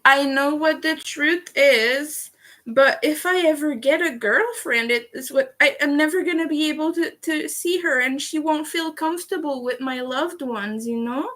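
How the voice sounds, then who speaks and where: A woman's voice: sits high, normal speed, sharp tone. A young woman chatting candidly on a livestream, heated at times and swearing freely. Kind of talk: casual livestream chat.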